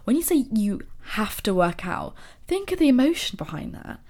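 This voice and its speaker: A woman hosting a podcast, talking to listeners in a casual motivational monologue full of rhetorical questions and soft asides. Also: a little high, sing-song, normal speed. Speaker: podcast host.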